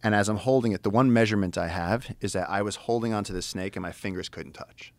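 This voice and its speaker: A man in casual conversation, telling an animated, profane adventure story with excitement. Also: fairly low pitch, fast, dry recording. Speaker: guest, wildlife explorer.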